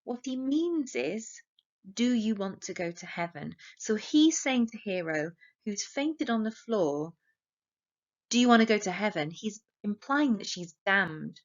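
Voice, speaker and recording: An English woman teaches a play for exam revision, explaining at a steady, measured pace and reading quotations aloud without dramatizing them, though she is animated. Her voice is at an ordinary middle pitch, and the audio is slightly dull and lo-fi.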